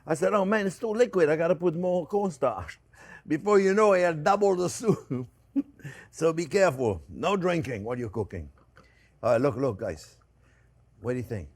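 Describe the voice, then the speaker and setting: A man hosting a cooking show, chatty and animated, laughing often and repeating words as he demonstrates a recipe. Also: fairly high pitch.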